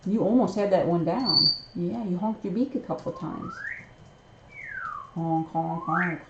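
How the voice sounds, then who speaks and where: A woman's voice: medium pitch, huge pitch swings, normal speed, heavy background noise. A woman hosting a live stream, coaxing her pet bird in sing-song baby talk. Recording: roomy, slightly muffled home recording.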